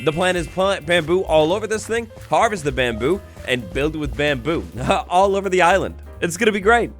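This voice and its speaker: A young man doing energetic, jokey commentary over his own game play, with bursts of mock drama. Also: on the high side, moderate pace, soft background music. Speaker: gaming YouTuber. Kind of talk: Minecraft let's-play commentary.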